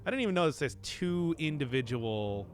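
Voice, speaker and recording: A man's voice: a little high, sing-song, brisk, faint music behind. A man streaming a video game, chatting casually and rambling to his viewers while he plays. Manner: chatty and rambling, talking to chat while playing. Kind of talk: casual gameplay commentary.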